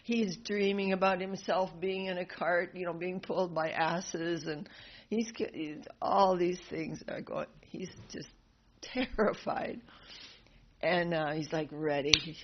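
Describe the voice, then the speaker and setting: A woman's voice: on the low side, steady tone, takes it slowly, dull audio. A woman teaching a devotional class, retelling a sacred story animatedly with laughs and acted voices.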